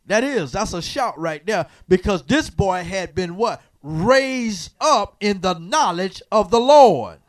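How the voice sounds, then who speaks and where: Call-and-response preacher man, lively pitch. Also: slow pace, hardly any pauses. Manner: asks the congregation to fill in words, teasing and preacherly. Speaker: pastor. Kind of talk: call-and-response Bible teaching. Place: church sanctuary.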